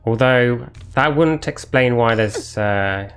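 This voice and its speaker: A man's voice: mid-range voice, slow, a bit bright, smooth, faint music behind. A man streaming a video game live, commentating and trading sarcastic jokes with his chat. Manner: joking, sarcastic banter with chat. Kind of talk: live gameplay commentary chatting with viewers.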